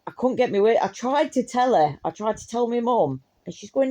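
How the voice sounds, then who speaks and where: A woman's voice: a little high, lively intonation, brisk, mellow. A young woman tells a casual storytime anecdote, laughing often and swearing freely. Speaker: vlogger.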